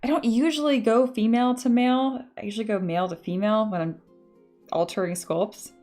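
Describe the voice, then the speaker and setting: A woman's voice: fairly high pitch, steady tone, a little fast, dark tone, faint music behind. A woman chatting casually on a live stream while she sculpts, laughing often and reading viewer comments aloud. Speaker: 3D sculptor streaming her work.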